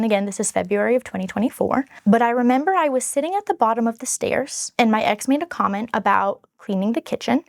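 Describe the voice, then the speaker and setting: A woman's voice: on the high side, gravelly, dry recording, clean studio sound. A woman speaking frankly and earnestly to camera as she tells her own story in a casual vlog. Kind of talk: candid personal storytelling to camera.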